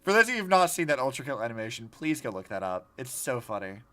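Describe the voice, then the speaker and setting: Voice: mid-range voice, very animated, quick pace, sharp tone. A VTuber streamer giving casual, chatty gameplay commentary with rambling asides.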